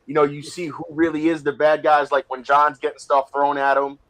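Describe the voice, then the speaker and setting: A man's voice: on the high side, completely flat delivery, brisk, fairly bright tone. A man co-hosting a casual podcast who chimes in with reflective comments.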